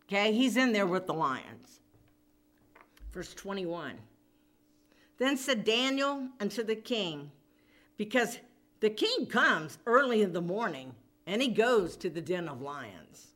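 A woman's voice: mid-range voice, very animated, slow pace, fairly bright tone. A woman preaching a sermon, retelling a scripture story in an emphatic, dramatic way. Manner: emphatic, dramatic, acts out quoted voices.

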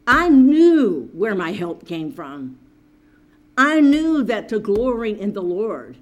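A woman's voice: mid-range voice, sing-song, slow. A woman preaching a sermon, earnestly reading and explaining scripture to her listeners.

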